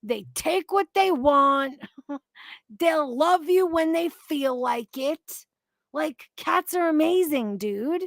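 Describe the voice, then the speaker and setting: A woman's voice: sits high, expressive, takes it slowly, gravelly, dry recording, studio quality. A woman hosting a casual livestream, talking in an emphatic, profane, rambling way about online drama. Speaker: livestream commentary host.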